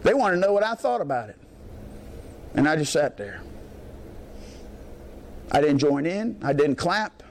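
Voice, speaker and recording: A man's voice: fairly high pitch, sing-song, unhurried, long pauses, slight background noise. A male pastor preaching a sermon in a folksy, emphatic storytelling way, repeating his points for effect.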